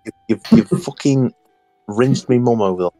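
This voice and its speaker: Worn-out man on voice chat, mumbles, pitch rising and falling a lot. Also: sing-song, normal speed, mellow, faint music behind. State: tired, drowsy. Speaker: gamer in voice chat. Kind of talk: casual banter.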